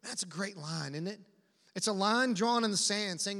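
A man preaching a sermon to his congregation, animated and drawing the crowd into call and response. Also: high voice, moderate pace, long reverb tail. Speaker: pastor. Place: church hall.

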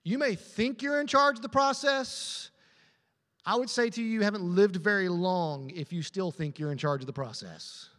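A man's voice: high-pitched, a bit bright, long reverb tail. A man pastor preaching a sermon with emphatic repetition, asking the congregation to answer back. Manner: emphatic, repetitive preaching with call-and-response questions. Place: church auditorium.

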